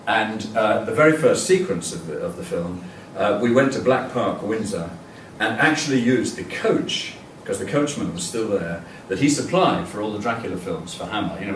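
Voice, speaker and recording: An older man with a lowish voice gives a chatty, rambling public lecture in a hall, full of fillers and restarts. The distant mic makes it echoey, and there's a little hiss or hum.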